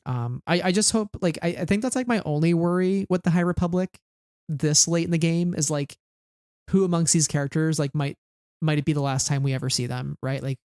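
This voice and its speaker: Rambling podcast co-host with a smooth voice. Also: medium pitch, brisk, darkish tone, no echo, clean studio sound. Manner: rambling, heavy use of "like" and restarts. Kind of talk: casual book discussion.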